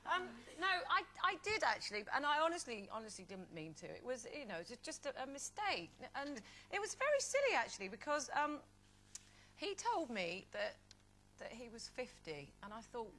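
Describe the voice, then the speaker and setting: A woman's voice: a little high, very animated, moderate pace, sharp tone. A woman panelist on a daytime talk show, telling a rambling, giggly anecdote in casual chat.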